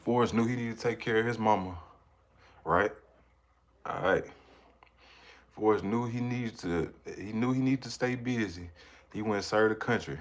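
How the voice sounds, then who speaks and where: A man, a parent, chatting casually on a livestream, rambling and reacting to viewers' comments. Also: on the low side. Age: adult with children. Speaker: livestreamer reading chat. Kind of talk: casual live chat.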